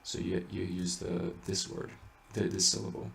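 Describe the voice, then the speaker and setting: A man teaching how to sing Latin chant tones, talking casually with halting explanations, many fillers and restarts. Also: low voice, monotone, creaky, a bit bright, distant mic. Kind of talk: informal spoken lesson with sung examples. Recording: echoey room, voice a bit off-mic, faint background noise.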